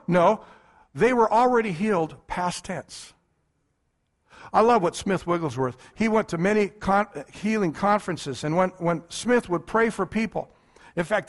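High-voiced emphatic male preacher. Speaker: pastor. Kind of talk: sermon.

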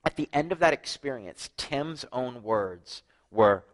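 A man preaching a sermon, telling his own story with lively acted-out dialogue and frequent drops to a hushed voice. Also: medium pitch, a little slow, rough recording. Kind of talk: sermon with personal testimony.

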